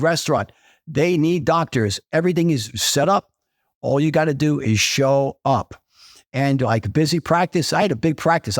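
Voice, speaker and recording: An older man, a retired dentist, speaks with an ordinary mid pitch and lots of energy. He hammers his points home by repeating them and slips into little bits of acted dialogue. The sound is dry and close, with no room echo. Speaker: retired dentist, podcast guest. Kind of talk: conversational interview storytelling.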